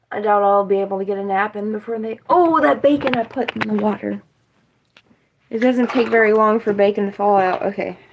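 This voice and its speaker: Streaming from her kitchen at home, a young West Virginian woman rambles and curses freely while talking straight to her chat. Her medium-pitched voice is creaky, and the rough recording carries slight background noise.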